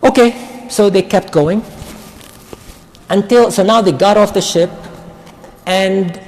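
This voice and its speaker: A man teaching a Quran study circle, retelling a story in a casual, conversational way with quick asides. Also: high-pitched, a little mellow. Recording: long reverb of a large hall.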